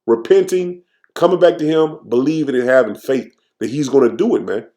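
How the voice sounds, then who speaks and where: Man preaching in a relaxed street-talk way, warm dark voice, says "man" constantly, slow halting scripture reading. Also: medium pitch. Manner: tags nearly every phrase with "man"; reads scripture slowly, stumbling and restarting. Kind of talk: informal scripture teaching.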